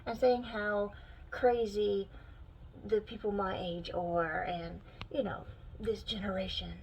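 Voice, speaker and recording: Young woman, casual vlog storyteller, animated and fed-up, gravelly fry in the voice. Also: normal speed, dull audio, slight background noise. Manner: animated, exasperated storytelling with sudden pitch jumps. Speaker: vlogger.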